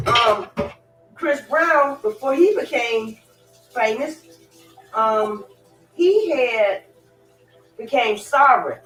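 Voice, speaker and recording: A woman's voice: on the high side, lively intonation, takes it slowly, long pauses, recorded from a distance, music in the background. A woman hosting a livestream, rambling bluntly through stories with loose profanity while cleaning in her kitchen. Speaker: livestream host. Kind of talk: rambling casual monologue. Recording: roomy, off-mic with kitchen clatter.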